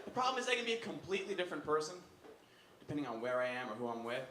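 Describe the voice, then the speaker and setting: A man doing a stand-up set on a comedy club stage, animated and loud, shouting his punchlines. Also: fairly high pitch, racing, crowd noise. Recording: roomy club with audience noise.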